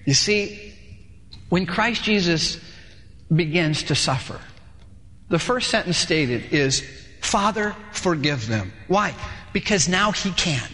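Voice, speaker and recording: Animated high-voiced preacher man. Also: slow, long pauses. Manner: animated, acts out dialogues with shifting voices. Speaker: pastor. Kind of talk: sermon. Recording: long hall reverb.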